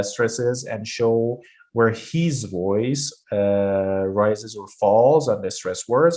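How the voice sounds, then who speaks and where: A man teaching a pronunciation lesson, explaining step by step with frequent hesitations. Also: fairly low pitch. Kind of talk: online lesson.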